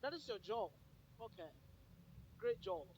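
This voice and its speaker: A man's voice: high voice, very animated, measured pace, darkish tone, highs cut off. Male motivational speaker, playful and direct, live event with faint background noise. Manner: joking, addresses the crowd directly. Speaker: speaker at a summit. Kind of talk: motivational speech.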